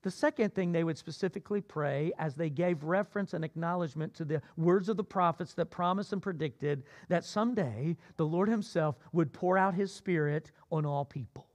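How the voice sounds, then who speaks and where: A man preaching a sermon as pastor, swinging between loud emphatic cries and low asides. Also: moderate pace, few pauses.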